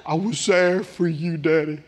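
Brief: man playing a sulking, complaining elder son, high and swooping, slow, in a reverberant hall. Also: fairly even intonation, a faint crowd, close to an everyday voice. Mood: aggrieved. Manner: whining, complaining. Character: resentful self-pitying young man, elder brother.

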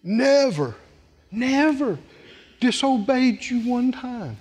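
A man's voice: extremely high pitch, sing-song, slow, a little mellow, slightly rough, voice pushed up, heavily acted. A man voicing a resentful, self-pitying elder brother who complains that he was never rewarded. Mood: aggrieved. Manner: whining, complaining. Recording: long hall reverb.

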